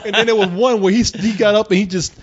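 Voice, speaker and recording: A man with a high voice chats casually, telling stories with lots of energy. He keeps slipping into loud impressions of the people he quotes. The recording sounds dull and lo-fi. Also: fast talker. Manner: animated storyteller, jumps to high shouted impressions. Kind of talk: casual chat.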